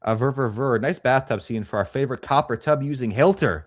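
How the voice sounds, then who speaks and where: A man's voice: medium pitch, a little fast, no room sound, clean studio sound. A man co-hosting a casual livestream, reading chat comments aloud and joking crudely. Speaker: podcast co-host.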